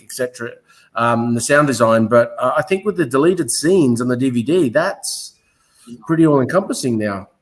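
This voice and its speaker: A man's voice: medium pitch, rough recording. A man, a filmmaker, talking things through with many halts and restarts. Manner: halting, restarts often, thinks aloud. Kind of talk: casual interview.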